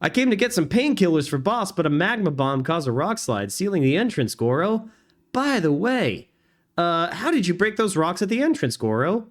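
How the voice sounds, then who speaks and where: A man's voice: big pitch swings, moderate pace. A man doing a chirpy rock-creature messenger. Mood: eager. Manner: reads on-screen game dialogue in a high, bouncy put-on voice. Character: cheerful male rock-creature messenger, eager, chatty.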